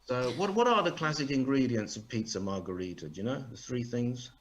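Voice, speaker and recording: A man delivers a deadpan stand-up set, dry and sarcastic, teasing his audience. He speaks over a video call with a faint hiss behind him. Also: medium pitch, a little fast. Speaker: stand-up comedian.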